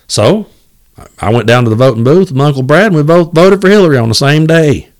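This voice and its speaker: A man's voice: a little high, animated, fast. Blunt, fired-up male podcast host. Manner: blunt, fired-up, profane, repeats words when restarting. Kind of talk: solo podcast monologue.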